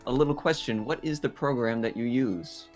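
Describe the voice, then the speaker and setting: A man's voice: medium pitch, normal speed, soft background music. A man co-hosting a livestream, reading viewers' questions hesitantly with many fillers. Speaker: co-host reading chat questions. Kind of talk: casual livestream chat.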